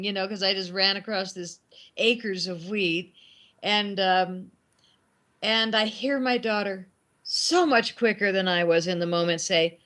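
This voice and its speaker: A middle-aged woman, a guest filmmaker, telling animated anecdotes in casual talk and acting out the lines of the people in them. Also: medium pitch, a little slow. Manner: animated anecdotes with acted quotes. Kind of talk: casual storytelling.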